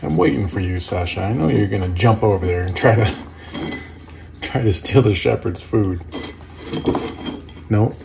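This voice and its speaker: Gravelly man coaxing his dogs. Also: on the low side, moderate pace, noisy background. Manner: coaxing, affectionate, sing-song to the dogs. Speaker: dog vlogger. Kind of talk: casual talk to his dogs. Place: outdoors in a yard, then indoors.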